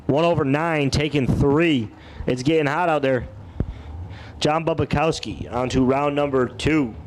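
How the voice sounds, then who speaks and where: A man's voice: a little high, slight background noise. A man calling a drag race live, with folksy, joking banter between runs. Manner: folksy, playful announcer banter. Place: outdoor dragway.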